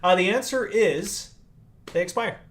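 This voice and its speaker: A man from Canada co-hosting a casual game livestream, upbeat and chatty and quick to laugh. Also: high voice, a bit bright. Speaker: livestream co-host.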